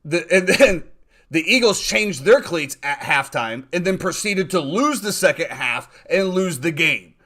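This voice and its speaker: Rambling, excitable male podcast host. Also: a little high, unhurried. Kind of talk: casual sports chat.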